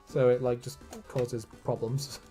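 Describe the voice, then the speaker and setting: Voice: mid-range voice, little pitch movement, measured pace, dark tone, soft background music. A streamer chatting casually while drawing, rambling, swearing freely and laughing often.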